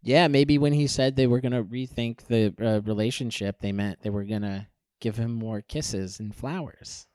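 A man's voice: mid-range voice, moderate pace, few pauses, darkish tone, no echo. A man co-hosting a news podcast, giving wry remarks and updates with dry jokes and frequent fillers. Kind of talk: casual political commentary.

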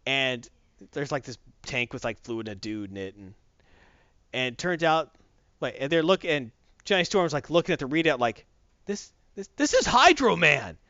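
A man casually recapping a story in an animated, rambling way, correcting himself as he goes. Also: mid-range voice, normal speed, smooth, no room sound, muffled recording.

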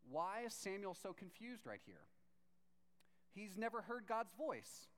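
Animated pastor preaching in a reverberant hall. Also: male voice, high voice, unhurried. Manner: animated, acts out voices while reading scripture. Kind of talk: sermon. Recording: long reverb of a large hall.

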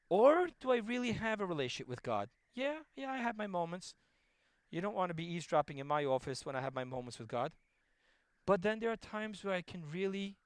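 A middle-aged man giving a Torah lecture as a rabbi, telling stories and swinging between loud emphasis and hushed asides. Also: high-pitched, dry recording.

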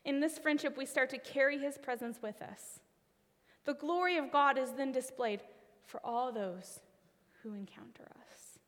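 A woman preacher delivers a sermon built around a personal story, speaking expressively at a moderate pace in a high voice. She often lets the ends of her phrases trail off into a whisper, and the sound is that of a big room.

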